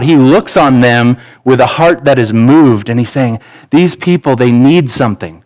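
A man in his thirties preaches to his congregation with an easy, conversational delivery. His voice sits at an ordinary middle pitch. He slips in personal stories and acts out the dialogue inside them. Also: moderate pace, a little mellow, poor audio. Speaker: pastor. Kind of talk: sermon. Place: church sanctuary.

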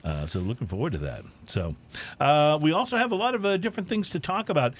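A man co-hosting a casual drinks podcast, chatting in a relaxed, rambling way with lots of fillers. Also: a little high, fast. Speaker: podcast co-host. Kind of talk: casual chat.

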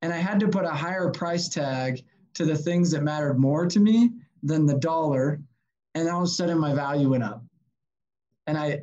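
A sales consultant in casual conversation, telling animated stories and acting out what people said to him. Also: male voice, a little high, lo-fi sound. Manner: animated, story-driven, acts out quotes. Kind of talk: casual podcast chat, storytelling.

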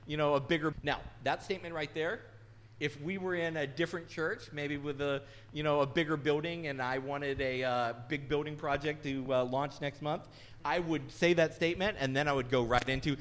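A man's voice: fairly high pitch, normal speed, fairly bright tone. A middle-aged man, a pastor, giving a sermon in a candid, conversational and self-deprecating way.

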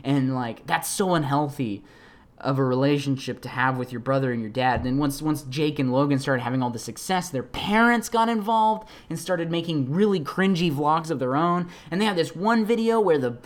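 Podcaster, solo monologue: casual, filler-heavy, animated storyteller who slips into quoted voices. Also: normal speed. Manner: shifts between excited high bursts and low, quiet asides. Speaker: podcast host, actor.

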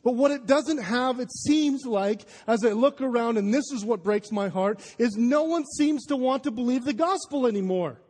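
A man's voice: extremely high pitch, moderate pace, few pauses, a little mellow. A male pastor preaching an impassioned sermon to his congregation, emphatic and stammering through restarts. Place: large church hall. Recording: live sermon in a reverberant hall.

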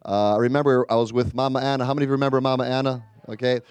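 A man's voice: mid-range voice, level tone, rapid-fire, darkish tone, clear, resonant tone, dry recording. A man, a guest evangelist, preaching a casual storytelling sermon in a chatty, rambling way with many fillers and restarts.

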